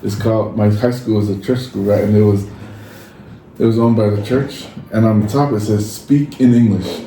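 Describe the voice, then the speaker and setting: A Samoan podcast co-host, Samoan being his native tongue, speaks a little fast in a voice on the low side. He tells stories casually and animatedly, dramatizing quoted lines. Faint noise and echo come from the room and the far-off mic.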